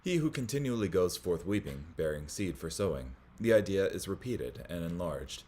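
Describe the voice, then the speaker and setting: A man hosting a Bible study, reading commentary aloud in a measured way, with small slips that he corrects as he goes. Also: low voice, big pitch swings, a little mellow.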